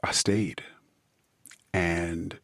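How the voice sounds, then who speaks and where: A middle-aged man hosting a podcast, telling a personal story in a halting, emotional way that drifts into quiet asides. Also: deep voice, little pitch movement, vocal fry, dry recording. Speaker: podcast host.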